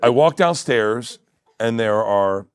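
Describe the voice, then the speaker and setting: A middle-aged man telling a long funny story as a guest on a talk show, acting out the other people's voices and laughing loudly. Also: mid-range voice, animated, slow pace, clean tone, no room sound, studio quality. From Florida. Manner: acts out quoted voices, loud bursts of laughter. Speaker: comedian guest.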